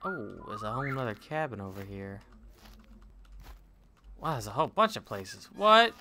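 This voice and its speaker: A man playing through a game while commenting, chatty and excitable, yelping and laughing when things surprise him. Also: mid-range voice, moderate pace, slight background noise. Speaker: gamer. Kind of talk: let's play commentary.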